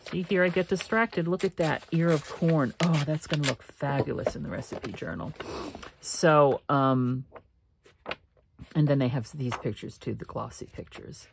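A woman's voice: deep voice, moderate pace, gravelly, noisy background. A woman hosting a paper craft channel, chatting casually while she works, rambling through her talk with frequent laughs and restarts.

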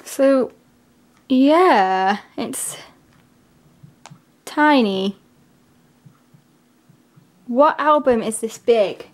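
A woman talking casually in a vlog, gushing and excitable, with lots of filler words. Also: on the high side, extremely slow, pauses often. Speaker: vlogger.

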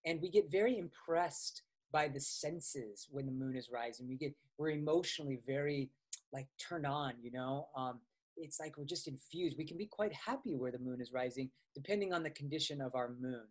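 A man's voice: on the high side, moderate pace. A man teaching astrology in a casual, conversational way, with frequent fillers and restarts as he tells personal stories. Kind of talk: casual explanatory lecture.

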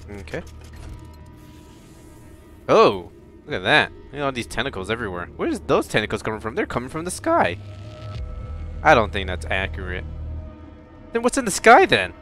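A man casually commenting on a game he plays, rambling, swearing and bursting out loud. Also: mid-range voice, wildly swooping pitch, moderate pace, long pauses, soft background music. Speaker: let's play host.

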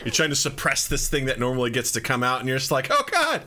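A male podcast host talks fast in a mid-range voice, casually chatting and telling funny stories. He's an animated storyteller who acts out his own outbursts.

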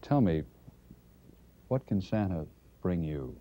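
A man voicing a weary older department-store Santa who speaks gently and hesitantly, on a dull lo-fi 1970s TV tape. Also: low-pitched, big pitch swings, slow, full character voice. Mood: gentle.

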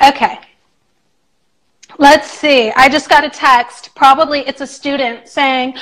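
High-voiced, slow-talking chatty woman. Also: steady tone, fairly bright tone, rough recording. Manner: chatty, affectionate, breaks into playful singing. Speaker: English teacher hosting a live chat. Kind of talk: casual live-stream chat reading comments.

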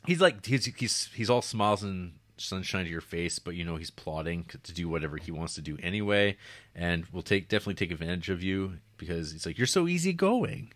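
A deep-voiced man co-hosts a casual film podcast, recorded close and dry with no room sound. He rambles through the plot in an animated way, slipping into quoted lines. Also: brisk, dry recording. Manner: rambling, animated retelling with acted-out quotes and laughs. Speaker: podcast co-host. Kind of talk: casual film review chat.

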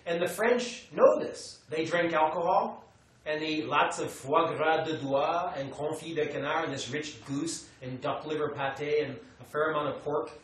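An American man teaching a class, animated, acting out quotes and telling students what to note down. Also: fairly high pitch, normal speed. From United States. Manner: animated, acts out quotes, tells students to take notes. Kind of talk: classroom lecture. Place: meditation center lecture room. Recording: echoey room, mic far away, light noise.

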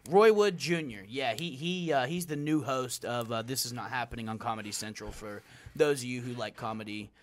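A man's voice: mid-range voice, brisk. A young man hosting a casual podcast chat, rambling and dropping "like", "bro" and "dude" all the time. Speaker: podcast host.

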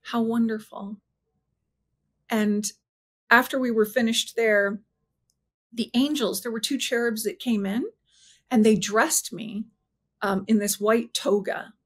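A woman with a fairly high voice recounts a deeply personal experience. She speaks earnestly and haltingly, restarts her sentences and lets her voice slow and soften at the emotional points. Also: fairly even intonation. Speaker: interview guest. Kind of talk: personal storytelling.

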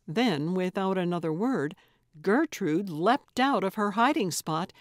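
Unhurried woman audiobook narrator. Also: mid-range voice, animated, no room sound, clean studio sound. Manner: measured, unhurried storytelling. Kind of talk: scripted narration.

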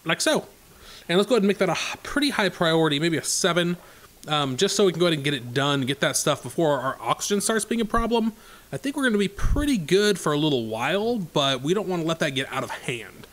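Lively upbeat man narrating gameplay. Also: on the high side, fast. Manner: thinking aloud, chatty, many fillers. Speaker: let's play host. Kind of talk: casual gameplay commentary.

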